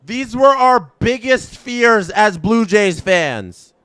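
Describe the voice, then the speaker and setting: A man streaming a live fan reaction, calling the action in an announcer style and swinging between emotional shouts and stunned murmurs. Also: high voice, expressive, slow pace, clear, resonant tone, no room sound. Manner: announcer-style play-by-play call.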